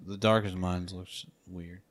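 A man's voice: sits low, flat delivery, measured pace, a crowd in the background. Joking, cursing man on a podcast. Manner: joking, profane, self-mocking. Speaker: movie review podcast co-host. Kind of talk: casual chat.

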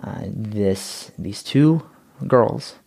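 A man telling his own story in a casual interview, rambling and repeating words as he grows excited. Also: lowish voice, very slow, vocal fry, slightly rough.

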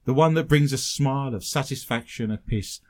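A man's voice: medium pitch, brisk. A British man hosting a radio chat show, teasing his co-hosts with dry humour and reading out listener messages. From Britain.

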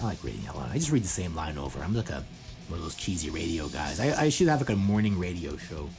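A man's voice: sits low, sing-song, fast, vocal fry, darkish tone, soft background music. A man hosting a podcast in casual chat, rambling with lots of fillers like "you know" and "uh.". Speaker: podcast host.

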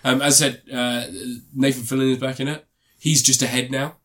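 Casting: male co-host, casual rambling reviewer, mid pitch, loose chatty delivery. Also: level tone, a little fast, a bit bright. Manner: rambling, frequent ums and restarts.

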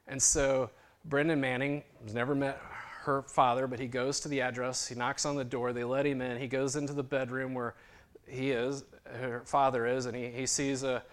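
A male pastor delivers a sermon story at a middle pitch. He shifts between lively, raised telling and soft, hushed moments. He then leads his congregation in prayer. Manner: animated retelling that drops to a hushed near-whisper at moving points.

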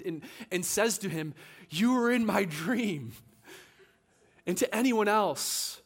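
A male preacher telling a story from the pulpit in a church. His pitch swings widely, rising and falling as he acts out the people in the tale. The pace is lively, and he leans into the dramatic moments. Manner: animated, acts out quoted voices. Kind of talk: sermon storytelling.

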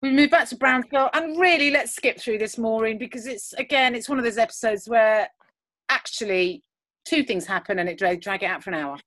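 A woman's voice: a little high, brisk, fairly bright tone. A woman co-hosting a podcast on a video call, rambling through an episode recap with lots of fillers. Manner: rambling, with many fillers and retellings of scenes. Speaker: podcast co-host. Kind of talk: casual chat recapping a TV episode. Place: home, recording remotely.

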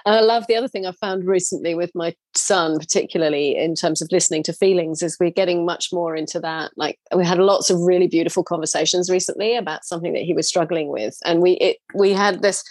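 Woman podcast host, low-ish voice, dry close sound, reflective and gentle. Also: fairly even intonation, fast, hardly any pauses, no echo. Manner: reflective and affectionate, soft fillers, trailing phrases. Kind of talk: casual conversation.

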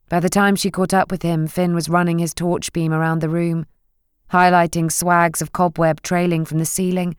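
A woman narrating a novel in a measured, gentle reading. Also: fairly low pitch, little pitch movement, clear, resonant tone, dry recording, studio quality. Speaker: audiobook narrator. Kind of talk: scripted narration.

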